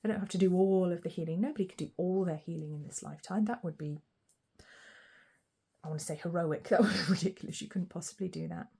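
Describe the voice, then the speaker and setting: A woman's voice: lowish voice, fast, dark tone, breathy edge. A woman giving a chatty, casual pick-a-card tarot reading, thinking aloud and laughing lightly as she goes. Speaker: tarot reader.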